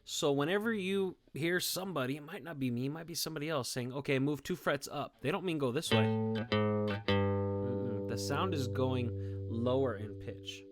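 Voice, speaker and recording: Indoors with a guitar, a man teaches his students, cheering them on and frequently asking "okay?" and "all right?" He speaks in a mid-range voice at a moderate pace.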